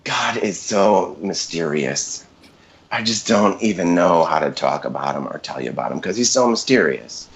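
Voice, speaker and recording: A man imitating a sweet, motherly church lady giving testimony, in a soft, gentle sing-song voice. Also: deep voice, lively intonation, moderate pace, creaky. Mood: earnest.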